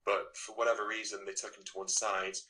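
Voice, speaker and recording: A man telling a story in an interview, quickly and with many restarts. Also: fairly low pitch, level tone, sharp tone, low-quality recording. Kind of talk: recounting an incident in an interview.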